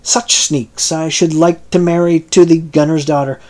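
Red Pepper, a man doing a gruff old sailor. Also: a little high, little pitch movement, normal speed, darkish tone, lightly acted. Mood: irascible. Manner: gruff, demanding. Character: irascible old male sailor.

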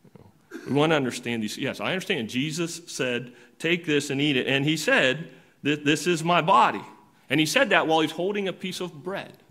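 A man preaching a sermon in a conversational way, repeating words and restarting often, getting loud on some points and dropping quiet on others. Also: fairly high pitch, normal speed. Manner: conversational preaching, swinging between loud emphatic and quiet asides. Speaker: pastor.

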